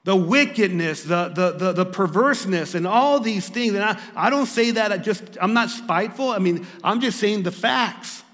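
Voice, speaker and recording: A man preaching a sermon to a church congregation. He stumbles over repeated words and rises to loud, emphatic reading. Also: high voice, animated, moderate pace, few pauses, in a large hall. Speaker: pastor. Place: church service.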